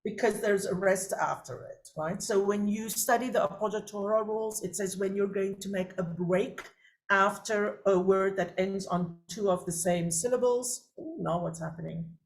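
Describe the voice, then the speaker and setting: A woman coaching singers in a masterclass, lively and chatty with quick asides to her students. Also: mid-range voice. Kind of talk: masterclass teaching.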